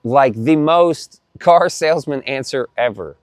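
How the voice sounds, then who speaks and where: A man's voice: mid-range voice, measured pace, no echo. Guy ranting about his day, lots of swearing, repeats stuff, dry sound. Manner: animated, profane, repeats himself. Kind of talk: casual storytelling to camera.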